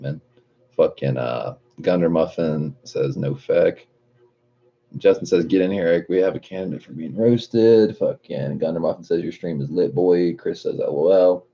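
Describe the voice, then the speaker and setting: Very deep husky man on a stream. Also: warm tone. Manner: reads viewer comments aloud, laughing and cursing. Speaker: livestream host. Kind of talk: casual livestream chat. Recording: dull lo-fi stream audio.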